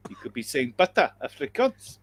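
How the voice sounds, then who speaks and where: A man's voice: medium pitch, animated, moderate pace, fairly bright tone. A man in a casual group chat on a call, blunt and joking, swearing freely. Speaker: chat participant.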